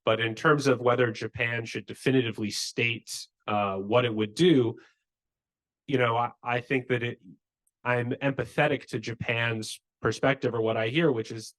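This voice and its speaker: A man speaking as a panelist in a policy discussion, measured and analytical. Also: mid-range voice, steady tone, fairly bright tone. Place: conference room.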